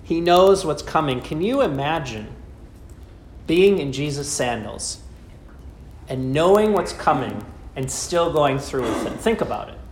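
A man preaches a sermon in a fairly high voice, posing rhetorical questions and leaning on dramatic pauses. His voice rings through an echoey room over a faint background hum. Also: expressive.

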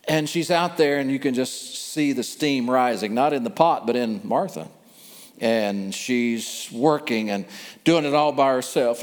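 A man preaching a sermon, telling the story vividly and repeating phrases for emphasis. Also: medium pitch. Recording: long hall reverb.

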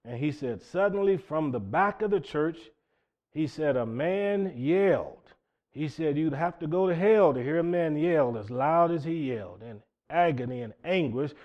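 Male preacher with a slightly high voice, folksy sermon storytelling, dull lo-fi recording. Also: darkish tone. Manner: folksy, retells quotes with repeated "he said".

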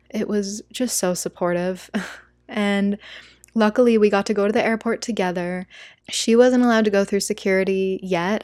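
A woman's voice: medium pitch, a little mellow, no room sound, clean studio sound. A young American woman telling a travel story in a casual, emotional vlog, talking straight to her viewers. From United States. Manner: chatty, emotional, says "like" and "you guys" a lot. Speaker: travel vlogger.

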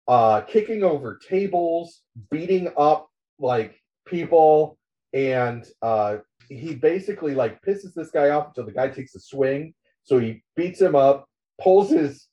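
A man's voice: on the high side, dark tone, lo-fi sound. A man hosting a casual podcast chat, animatedly retelling a comic plot and swearing freely. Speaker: podcast host.

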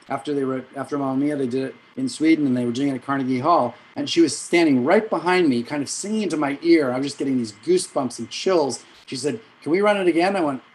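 A middle-aged man, a music director and vocal coach, telling rambling anecdotes in an interview, with quick asides and self-corrections. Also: a little high, a little mellow, low-quality recording. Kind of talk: storytelling in an interview.

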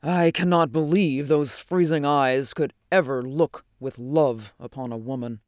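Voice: mid-range voice, measured pace, a little mellow, no room sound, natural voice. An indignant young man, as the reader puts him on in a storybook reading, urgent and pleading, lines pushed forward. The recording is dry and close. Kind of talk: audiobook character reading.

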